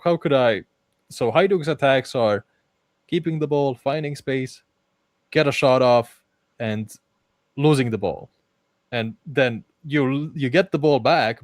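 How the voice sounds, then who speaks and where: A man hosting a casual football podcast, talking in an animated way and often restarting his sentences. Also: mid-range voice, dry recording. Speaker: podcast host.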